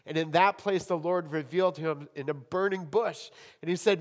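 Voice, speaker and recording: A man preaching a sermon in a church hall, with dramatic swings between loud emphasis and hushed tones. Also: fairly high pitch, normal speed, hardly any pauses. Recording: long hall reverb.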